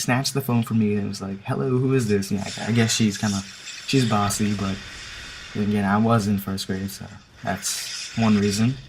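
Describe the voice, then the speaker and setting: A man casually telling a story over game footage as a gaming commentator, rambling and hesitant with lots of filler words. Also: lowish voice. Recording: steady background hiss with clicking.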